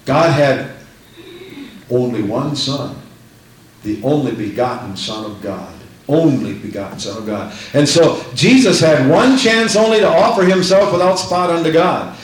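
A man's voice: fairly high pitch, expressive, measured pace, slight background noise. A man preaching a sermon with fervent emphasis, repeating phrases and reading scripture aloud. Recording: echoey room.

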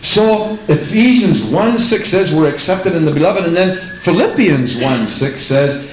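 A man's voice: a little high, animated, unhurried, hardly any pauses, echoey room, slight background noise, poor audio. A man preaching a sermon in an emphatic way, repeating lines and asking the congregation questions.

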